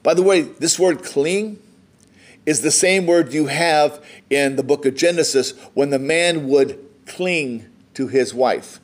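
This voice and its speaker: A man's voice: on the high side, slow pace. An American man preaching a sermon, reading scripture aloud and explaining it in a conversational way. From United States. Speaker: pastor.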